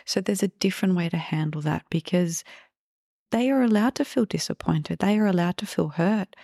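Low, gravelly-voiced woman coaching parents. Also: moderate pace, no echo, clean studio sound. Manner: calm, reassuring, acts out example phrases for parents. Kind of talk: podcast advice talk.

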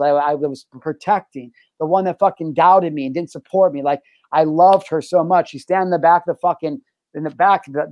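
A man's voice: on the high side, dry recording, muffled recording. A young adult man telling a personal story in casual chat, with lots of swearing and "bro". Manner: profane, animated, says "bro". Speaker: guest.

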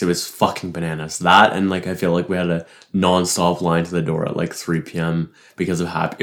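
A young man talking through his week in a casual, rambling way, swearing often, laughing to himself and filling gaps with "like". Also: low voice. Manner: profane, rambling, frequent "like" fillers, laughs to himself. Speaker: barista reflecting on his week. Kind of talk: casual solo reflection.

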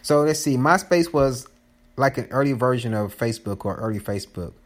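A man's voice: mid-range voice, lively intonation, fairly quick. A man hosting his own podcast in casual chat, rambling and joking and often restarting his sentences. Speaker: podcast host.

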